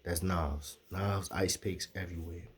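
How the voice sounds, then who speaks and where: A man telling a profane, animated street story, acting out the quotes. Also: deep voice, measured pace, a little hiss or hum.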